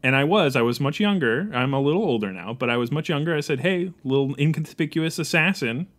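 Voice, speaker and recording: A man's voice: fairly high pitch, animated, brisk, fairly bright tone. A man playing Tarzan's grown son, a would-be assassin, in an improvised comedy podcast, joking and dropping into a silly mock-English accent. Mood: storytelling.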